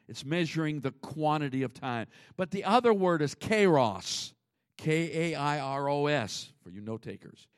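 Man preaching with loud and hushed swings. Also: a little high, dry recording, studio quality. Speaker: pastor. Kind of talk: sermon.

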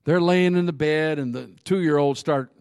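Lively higher-voiced male preacher. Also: moderate pace, clean tone, no echo, studio quality. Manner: animated, laughs often, calls out to the congregation. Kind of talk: sermon with humorous storytelling.

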